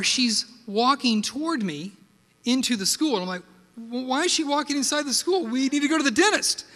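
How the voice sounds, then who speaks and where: A man preaching a sermon and telling personal stories in an animated way, with frequent rhetorical asides to the congregation. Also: high-pitched. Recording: long hall reverb.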